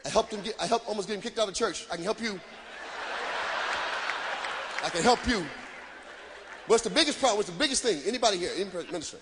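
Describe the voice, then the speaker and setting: A man performing live stand-up comedy, loud and animated, shouting punchlines to the crowd from a stage. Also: high voice, quick pace, pauses often, slight background noise. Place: stage before a live audience.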